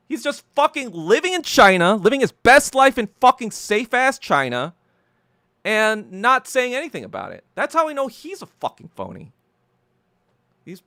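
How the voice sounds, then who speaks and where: A man's voice: sits high, big pitch swings, moderate pace, pushed and bright, no echo, clean studio sound. A man hosting a solo podcast, ranting heatedly and profanely, often stumbling and repeating words as he gets worked up. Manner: repeats and restarts words when agitated. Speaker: podcast host.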